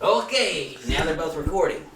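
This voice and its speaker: A man's voice: fairly high pitch, lively intonation, moderate pace, noisy background. A man, a stand-up comedian hosting a podcast, ranting in a profane, exasperated casual chat.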